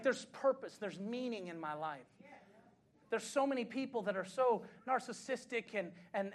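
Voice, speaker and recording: A male pastor from the United States preaching a sermon, swinging between impassioned shouting and chatty, laughing storytelling. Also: sits high. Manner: chatty anecdote-telling with frequent laughs.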